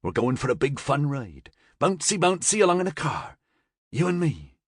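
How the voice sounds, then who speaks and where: A man's voice: medium pitch, very animated, measured pace, slightly rough, no echo, clean studio sound, voice pushed up. A man voicing an anxious, hesitant young man who looks after a toddler. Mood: soothing.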